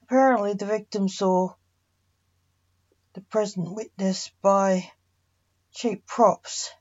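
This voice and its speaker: A woman reading a fantasy story aloud, voicing all the characters in a mostly even narrating voice. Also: medium pitch. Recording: muffled lo-fi recording.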